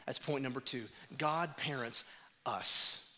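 A man preaching a sermon as pastor, animated and acting out dialogue as he tells stories. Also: medium pitch, slow. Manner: animated, acts out dialogue in storytelling. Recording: long hall reverb.

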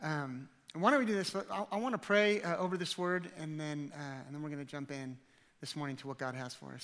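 A man's voice: on the high side, fairly quick, fairly bright tone, big-room sound. A man in his thirties from the Dallas area, a guest preacher giving a chatty, joking sermon in a church with many fillers and restarts. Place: church auditorium.

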